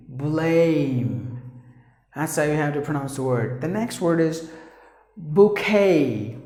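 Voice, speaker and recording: Slow-paced man teaching pronunciation. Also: fairly high pitch, darkish tone. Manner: repeats words slowly, corrects himself often. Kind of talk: pronunciation lesson. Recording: echoey room.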